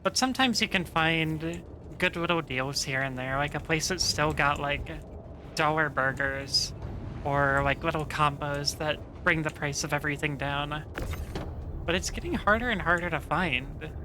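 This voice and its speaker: A woman streamer chatting casually with viewers while playing, relaxed and profane, rambling with lots of fillers. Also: sits low, normal speed, background noise. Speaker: game streamer. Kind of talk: casual stream chat reading viewer messages.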